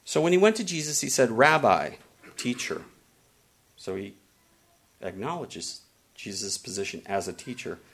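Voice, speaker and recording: A man preaching a sermon, retelling scripture in an animated way and slowing down for the quoted words. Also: mid-range voice. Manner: animated, slows down for quoted lines.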